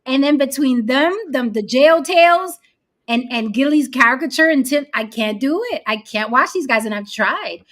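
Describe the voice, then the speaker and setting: A woman's voice: sits high, moderate pace, fairly bright tone. A woman from New York co-hosting a podcast in casual chat, blunt and joking, swearing freely. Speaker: podcast co-host.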